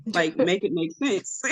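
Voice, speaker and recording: A woman's voice: medium pitch, husky, poor audio. A woman co-hosting a podcast in casual chat, talking in an emphatic, argumentative way. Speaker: podcast co-host.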